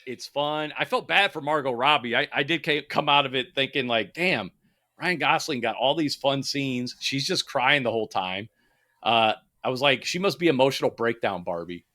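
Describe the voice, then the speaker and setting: A man's voice: medium pitch, moderate pace. A man in his thirties co-hosting a podcast, chatting casually and swearing freely while recommending a film. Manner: profane, animated movie recommending. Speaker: podcast co-host. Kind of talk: casual chat.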